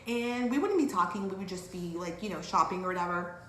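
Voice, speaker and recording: A woman from Dallas telling a story in a casual vlog, animated and acting out what people said. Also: a little fast. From Dallas, Texas. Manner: animated, acts out quotes with big pitch jumps. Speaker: vlogger. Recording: echoey room with faint background hiss.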